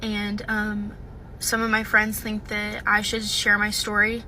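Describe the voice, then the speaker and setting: A woman's voice: mid-range voice, monotone, unhurried, pushed and bright, a little hiss or hum, rough recording. A young woman, a university student, telling a personal story to the camera in a casual, hesitant way, full of "um" and "like". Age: young adult. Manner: hesitant, with frequent "um" and "like".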